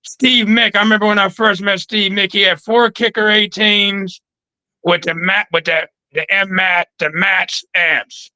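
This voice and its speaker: A man in a casual interview, telling stories in an animated, slangy way from his trophy room. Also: sits high, a little slow, dry recording, low-quality recording. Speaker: guest.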